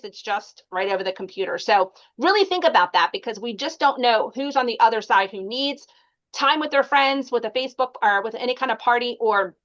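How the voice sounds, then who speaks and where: A woman's voice: a little high, muffled recording. A woman leading a casual sales training call, chatty and encouraging, with frequent ums and likes. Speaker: sales team leader training consultants.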